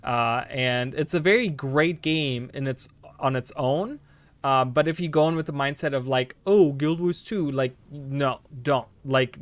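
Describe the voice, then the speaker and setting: Medium in pitch and a touch bright, this man's voice carries casual live gameplay commentary. He rambles at his audience, swears now and then, and bursts out with gleeful exclamations.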